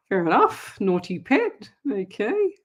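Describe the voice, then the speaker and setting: A woman hosting a live psychic call-in show, chatting easily, laughing often and reading out listeners' comments. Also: mid-range voice. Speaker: psychic medium radio host.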